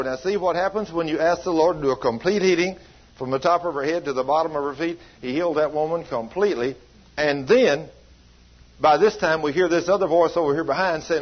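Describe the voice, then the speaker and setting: Speaking fairly quickly in a slightly high voice, a man delivers a sermon in a church hall, telling an emphatic, folksy story about a healing. The recording is lo-fi and dull.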